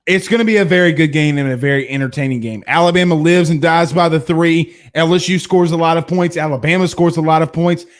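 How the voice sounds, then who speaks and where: Blunt, higher-pitched man hosting sports talk. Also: fast, few pauses. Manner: blunt and opinionated, with frequent restarts and laughs. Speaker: sports talk show host. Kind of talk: live-stream sports talk, reading viewer comments.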